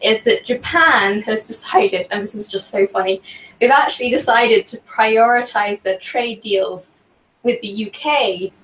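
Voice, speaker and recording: A woman's voice: on the high side, a bit bright, recorded from a distance. A chatty woman talks hesitantly, with light laughter. She sounds set back from the mic in an echoey room, with faint noise behind her. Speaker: co-host. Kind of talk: casual political talk show.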